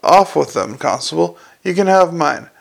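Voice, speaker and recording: A man doing a gruff, wry watch commander. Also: a little high, expressive, moderate pace, heavily acted. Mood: wry brisk. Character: gruff middle-aged male watch commander, dry.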